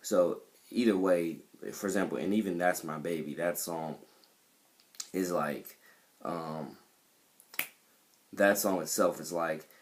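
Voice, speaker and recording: A man's voice: deep voice, slow, pauses often. A man who is an independent rapper talks casually about his music, rambling and repeating himself with many fillers. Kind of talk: casual monologue to camera.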